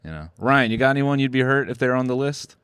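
A man chats loosely on a podcast, swinging his pitch up and down as he riffs through sarcastic jokes. He laughs often between lines, and his voice sits dry and close to the mic. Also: animated, fast talker, a bit bright, smooth, dry recording. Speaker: podcast host. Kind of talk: casual comedic podcast chat.

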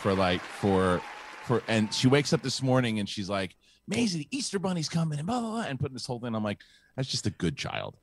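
A man's voice: mid-range voice, very animated, brisk, no echo, a faint crowd. A middle-aged man hosting a live show, telling a long personal story in a rambling way with many restarts and fillers. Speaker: host. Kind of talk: casual live show chat.

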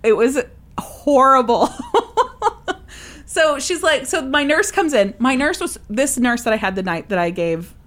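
A woman's voice: high-pitched, unhurried. Chatty young woman telling a story. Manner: animated storyteller, acts out quoted voices. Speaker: podcast co-host. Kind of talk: casual chat.

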